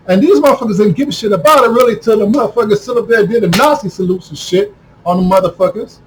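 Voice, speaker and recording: A man delivering a heated, profane monologue to camera, repeating himself and breaking into shouts. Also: very high-pitched, quick pace, slight background noise, poor audio. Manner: heated, repetitive, swears constantly, bursts into shouting. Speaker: video commentator.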